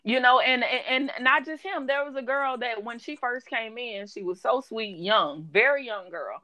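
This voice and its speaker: A woman who works in mental health, telling animated stories in casual chat, laughing often and quoting people. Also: fairly high pitch, normal speed.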